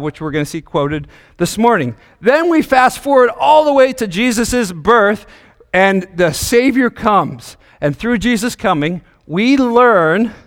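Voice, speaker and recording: A man's voice: high voice, a bit bright, smooth. Man preaching in a reverberant hall. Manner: engaging, asks the congregation questions. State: out of breath. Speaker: pastor. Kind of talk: sermon.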